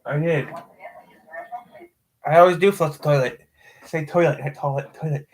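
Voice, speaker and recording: A man's voice: fairly high pitch, moderate pace, slight background noise. A man hosting a casual live stream from a cold room in a house, rambling with hesitant fillers. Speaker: livestream host.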